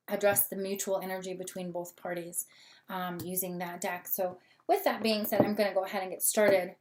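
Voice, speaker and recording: A woman's voice: mid-range voice, a little hiss or hum. A young woman hosting her own tarot reading channel, talking casually with lots of fillers and little laughs while she has the hiccups. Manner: chatty, many fillers, laughs a lot. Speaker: tarot reader, channel host.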